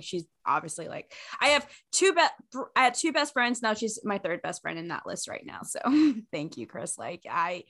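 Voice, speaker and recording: A woman's voice: on the low side, a bit bright. A woman hosting a fan podcast in casual chat over a remote call, earnest, giggly and effusive. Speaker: podcast host.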